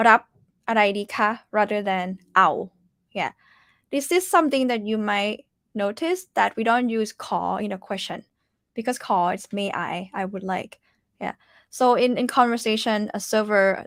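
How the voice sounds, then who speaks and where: A woman teaching Thai in a casual online lesson, patiently repeating words slowly for learners and laughing often. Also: medium pitch, no room sound, studio quality.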